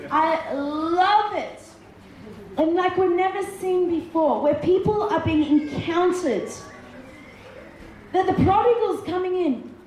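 A woman's voice: extremely high pitch, a little mellow, slight background noise. A woman preacher giving a sermon with Bible readings, emphatic and repeating words for effect. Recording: echoey room with faint ambience.

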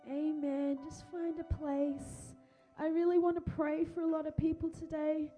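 A woman pastor, speaking gently and encouragingly, often repeating her phrases, during a church service and children's talk. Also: sits high, little pitch movement, measured pace, faint music behind. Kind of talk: worship prayer and children's talk. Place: church hall. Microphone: handheld microphone.

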